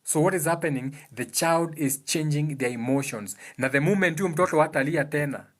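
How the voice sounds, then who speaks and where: A man's voice: fairly high pitch, a little fast. A man with a Kenyan accent giving a casual motivational talk about emotions. He explains things earnestly and repeats his key points for emphasis. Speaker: speaker giving advice on emotions.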